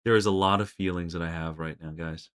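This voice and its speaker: A man's voice: low-pitched, fairly even intonation, fairly quick. A man livestreaming a game, talking to chat in an exasperated, emotional way, stammering and swearing. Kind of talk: casual live game commentary.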